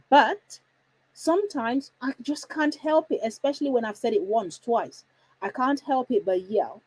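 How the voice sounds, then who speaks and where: A woman coaching parents, talking emphatically and deliberately changing her tone and pace to stress key points. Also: fairly high pitch, mellow, slightly rough, dry recording, poor audio. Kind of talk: instructional talk to parents.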